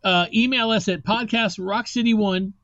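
A man's voice: high-pitched, fairly even intonation, moderate pace, a bit bright, dry recording, muffled recording. A man hosting a rock podcast in loose, rambling casual chat, swearing now and then. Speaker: podcast host.

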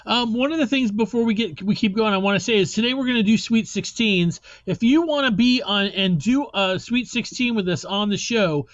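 A man's voice: high voice, moderate pace, few pauses, no echo, highs cut off. A man hosting a rock podcast in loose, rambling casual chat, swearing now and then. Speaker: podcast host.

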